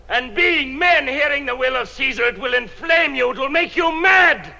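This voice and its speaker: An actor playing Mark Antony, a Roman orator stirring a crowd, in measured declamatory Shakespearean verse from an old film soundtrack. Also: male voice, very high-pitched, vocal fry, muffled recording, exaggerated voice. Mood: rousing. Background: crowd voices shouting back.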